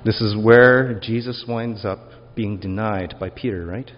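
A man's voice: lowish voice, a little slow. A male pastor preaching a sermon in a reflective, conversational way, asking the congregation rhetorical questions. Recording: dull lo-fi sermon recording with long hall reverb.

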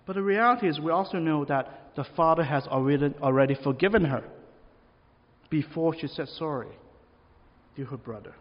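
Pastor, male, slightly high voice, conversational sermon, long hall reverb. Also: normal speed. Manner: conversational preaching with rhetorical questions. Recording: long reverb, dull lo-fi sound.

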